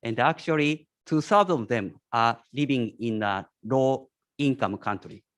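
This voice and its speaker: A startup CEO opening a prepared pitch presentation with a steady, rehearsed delivery. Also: male voice, measured pace, dry recording, studio quality.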